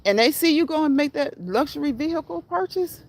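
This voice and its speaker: A woman's voice: high voice, expressive, brisk, darkish tone. A woman hosting a live stream, chatting casually, repeating her phrases and encouraging her viewers. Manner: repetitive, encouraging, laughs at own phrases. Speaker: livestream host.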